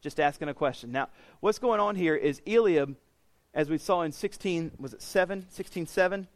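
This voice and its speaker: Moving at a moderate pace, a man preaches a Bible-teaching sermon, his voice sitting a touch high for a male speaker. He puts the passage into plain, everyday language in a relaxed way, often restarting phrases and repeating words, and the recording is close and dry without any room echo.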